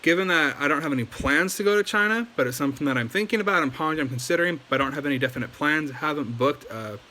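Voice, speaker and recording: Man, casual lesson host; bright, chatty, lots of filler, faint hiss. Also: a little high, very fast. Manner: loose and chatty, many ums and likes. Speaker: language teacher.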